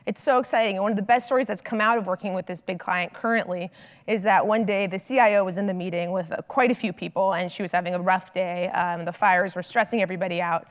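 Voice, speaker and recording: A woman in her thirties, a consultant and coach, giving a conference talk in an animated storytelling manner with lots of "like". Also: mid-range voice, fast. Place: large conference hall. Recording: long hall reverb from stage.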